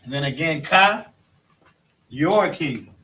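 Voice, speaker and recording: A man walks through a Bible lesson at a marker board, stopping and restarting as he explains. His voice sits a little high. It reaches the mic from a distance and carries a roomy echo. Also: animated, bright, forceful tone. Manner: halting, self-correcting explanation. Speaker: religious study teacher.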